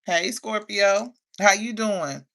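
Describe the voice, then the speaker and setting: A woman's voice: mid-range voice, takes it slowly, creaky, sharp tone. A woman with grandkids hosting a casual livestream, chatting with viewers, reading their comments aloud and laughing often. She says she has been crying and feels emotional. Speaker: livestream host.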